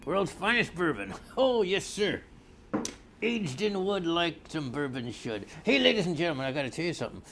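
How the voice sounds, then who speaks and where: A man's voice: fairly high pitch, sing-song, normal speed, creaky, fairly bright tone, slight background noise. An older man in a rambling, blustery comedic monologue, easily sidetracked and arguing with imagined callers. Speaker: comedy character newscaster.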